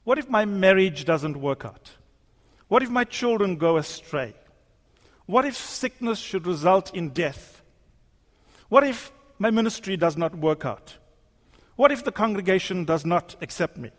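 Male preacher, high voice, emphatic, repetitive rhetoric, echoing church sermon. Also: expressive, measured pace. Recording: long hall reverb.

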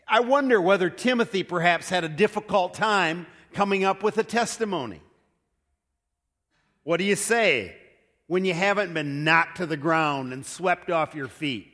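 A man's voice: sits high, lively intonation, normal speed, fairly bright tone. A male pastor preaching a sermon in a storytelling manner, posing rhetorical questions, recorded in a church with long hall reverb.

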